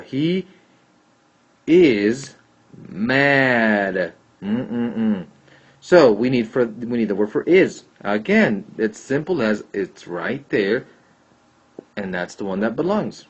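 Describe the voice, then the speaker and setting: Slow and expressive, a man with a mid-range, breathy-edged voice explains Spanish grammar in a classroom. He patiently repeats and checks answers aloud, and the recording is dull lo-fi.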